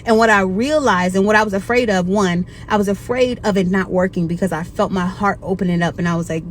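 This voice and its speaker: A woman's voice: mid-range voice, fairly quick, few pauses, slight background noise. Earnest woman sharing a faith story. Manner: earnest, heartfelt testimony. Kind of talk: faith-based personal story.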